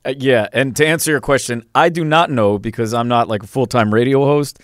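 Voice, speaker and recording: A man's voice: medium pitch, a little fast, no room sound, studio quality. Easygoing male radio co-host. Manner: easygoing, laughs along, joking. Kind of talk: casual studio chat. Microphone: studio mic.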